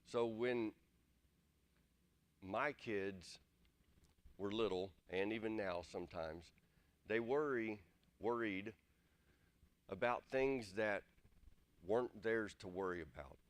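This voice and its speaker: Guy preaching, lowish voice, plain and earnest, says stuff over and over. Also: slow pace, pauses often, no room sound. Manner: earnest, plain-spoken, repeats his points. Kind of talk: conversational sermon.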